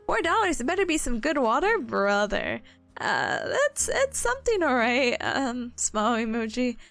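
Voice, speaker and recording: Giggly high-voiced young woman streamer. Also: moderate pace, vocal fry, soft background music. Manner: giggly, animated, playful voices. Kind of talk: casual live-stream chat.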